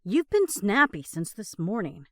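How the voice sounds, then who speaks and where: A woman voicing a hot-tempered young man who barks and yells in frustration. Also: mid-range voice, big pitch swings, unhurried, dry recording, clean studio sound. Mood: furious. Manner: cross, barking, yelling.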